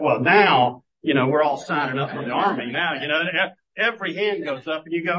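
A man's voice: fairly high pitch, animated, brisk, hardly any pauses, fairly bright tone. A man preaching a sermon, telling stories in a conversational way and often restarting his sentences. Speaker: pastor. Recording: muffled lo-fi sermon recording.

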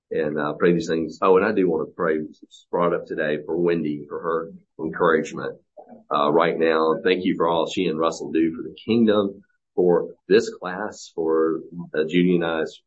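A man leading a spoken prayer for a Bible class, earnest and halting with frequent pauses. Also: low voice, breathy edge. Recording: dull lo-fi recording.

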